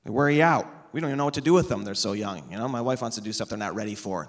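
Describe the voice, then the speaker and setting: On stage with an amplified mic, a stand-up comedian in his thirties mocks and teases the audience with sarcasm. His gravelly mid-range voice is animated and races along.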